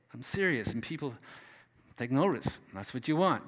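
A man preaching as a guest speaker at church, emphatic, swinging between loud exhortation and quiet asides. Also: mid-range voice, lively intonation, moderate pace, big-room sound. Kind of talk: sermon.

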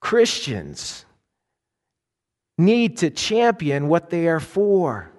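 A male pastor preaching an earnest sermon, slipping between scripture and storytelling asides and often restarting his sentences. His voice sits a little high for a man. The long reverb of a large hall trails each phrase. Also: sing-song, extremely slow, a little mellow.

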